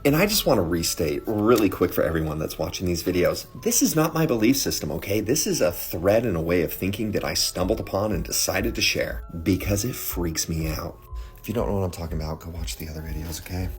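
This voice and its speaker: A man's voice: low voice, a little fast, soft background music. A man talking casually to his viewers in a vlog, chatty and often checking in with them. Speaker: social media creator.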